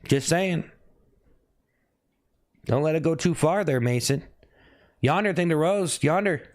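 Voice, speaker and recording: A man's voice: a little high, animated, a little slow, long pauses, darkish tone. A young man hosting a casual livestream, teasing viewers by name and repeating his jokes. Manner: teasing, repeats himself, calls out chat names. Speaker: livestream host.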